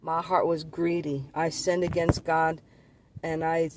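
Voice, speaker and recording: A man's voice: a little high, monotone, measured pace, slight background noise. A man giving an earnest, rambling personal testimony of his dreams and visions, often repeating and restarting his words. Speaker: vlogger sharing visions.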